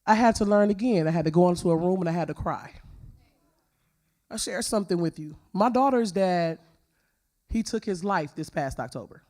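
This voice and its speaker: A woman's voice: fairly low pitch, animated, normal speed, warm tone. A woman speaking at a church women's conference, giving a personal testimony in an emphatic, informal storytelling way.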